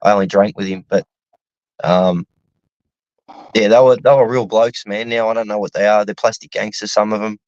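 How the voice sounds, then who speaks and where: A man's voice: fairly low pitch, steady tone, moderate pace, pauses often, a little mellow, no echo. A man with an Australian accent in casual chat, opinionated and profane, rambling along with "mate" and "man". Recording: slightly muffled, dull recording.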